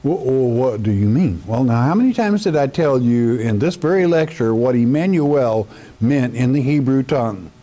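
A man's voice: medium pitch, animated, normal speed, mellow. A man teaching the Bible verse by verse in a sermon, speaking emphatically and addressing the listener directly as a friend. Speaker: pastor.

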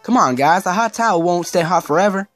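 A man's voice: high voice, expressive, fairly quick, fairly bright tone, faint music behind, voice pushed up. A man voicing a flamboyant, cheerful male archduke with a put-on southern drawl while reading game dialogue aloud. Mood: jovial. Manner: jolly, folksy, playful.

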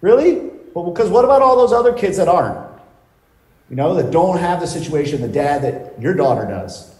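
A man's voice: on the high side, very animated, a little fast, darkish tone. A man, a business coach, challenging his client bluntly and with lots of swearing on a video call. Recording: echoey video call audio.

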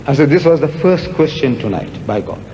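A man gives a public lecture in a large hall and takes audience questions, speaking emphatically and repeating words for effect. His voice is a little high and dark in tone, with lively intonation at a normal speed. The hall sounds echoey with long reverb and faint noise.

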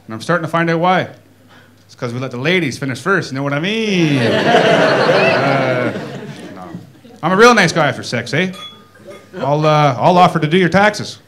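A Canadian man doing a stand-up comedy set in a club, folksy and deadpan, tagging his lines with "eh?". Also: a little high, moderate pace, pauses often, heavy background noise. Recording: live club set with audience laughter. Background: crowd laughter.

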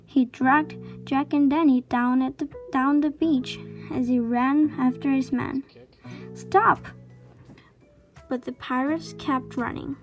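A woman reading a children's chapter book aloud with slow, clear storytelling. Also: high-pitched, fairly even intonation, darkish tone, soft background music. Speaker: reader.

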